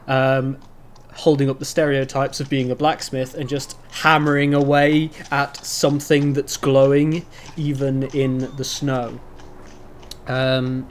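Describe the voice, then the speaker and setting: A man running a tabletop fantasy game as its narrator, wandering through his descriptions with plenty of ums and restarts. He talks over an online voice call, with a faint hiss of noise underneath. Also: mid-range voice. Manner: rambling, many ums and restarts. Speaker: game master.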